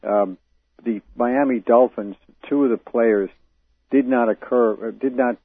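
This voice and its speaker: A man calling in to a talk radio show, arguing his point with halting restarts. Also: mid-range voice, fairly even intonation, husky, dry recording. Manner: halting, argumentative, many restarts. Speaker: caller. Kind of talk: call-in radio discussion. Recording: tinny phone line, dry.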